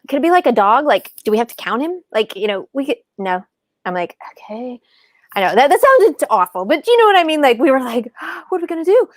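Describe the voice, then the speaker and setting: Animated storytelling woman, dry sound. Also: dry recording. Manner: animated, acts out quoted dialogue in higher voices. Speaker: podcast guest, author and speaker. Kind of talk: casual storytelling.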